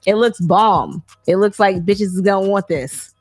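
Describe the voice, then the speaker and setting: A woman's voice: medium pitch, normal speed, a little mellow, no echo, faint music behind. A woman co-hosting a podcast in casual banter, blunt and profane, laughing often. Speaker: podcast co-host.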